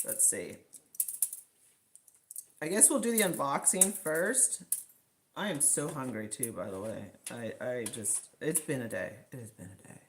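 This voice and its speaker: A woman's voice: very deep voice, lively intonation, a little slow, pauses often, a little hiss or hum. A woman chatting casually as host of a livestream from her home kitchen, rambling with lots of fillers. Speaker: live stream host.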